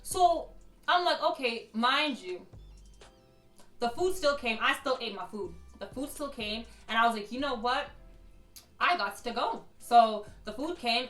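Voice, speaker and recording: A woman vlogger telling a storytime tale in an animated, slangy way, often turning to her viewers directly. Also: on the high side, a little slow, distant mic. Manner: animated, slangy, keeps addressing the audience. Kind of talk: casual storytelling to camera. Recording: echoey room with faint music.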